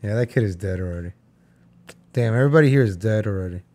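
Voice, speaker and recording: A man's voice: lowish voice, fast talker, warm tone. A young man casually joking and rambling as he reacts to old film footage for his viewers. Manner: joking, rambling, talks to viewers as folks and guys.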